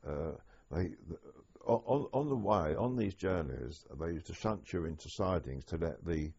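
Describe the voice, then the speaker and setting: An older man recalling wartime memories in an oral history interview, speaking haltingly with many restarts. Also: sits low, animated, a little mellow, a little hiss or hum. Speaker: interviewee, former prisoner of war. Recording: dull lo-fi archive tape.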